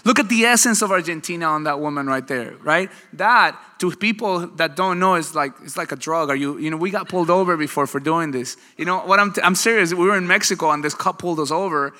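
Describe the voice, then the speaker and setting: A male pastor delivers a sermon in a loose, conversational manner, drawing his congregation into quick exchanges. His voice sits a little high and rings bright and forceful. The sound carries a long reverb from a large church hall. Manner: conversational, animated preaching with audience back-and-forth.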